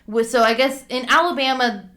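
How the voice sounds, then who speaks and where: A woman's voice: sits high, moderate pace, a bit bright. A woman co-hosting a podcast in casual chat, laughing often and stumbling over her notes. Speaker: podcast co-host.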